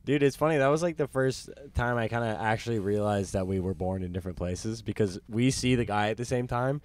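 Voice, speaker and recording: A man's voice: lowish voice, brisk, darkish tone, a little hiss or hum. A young man as a podcast guest in casual chat, laid-back and rambling with lots of filler words.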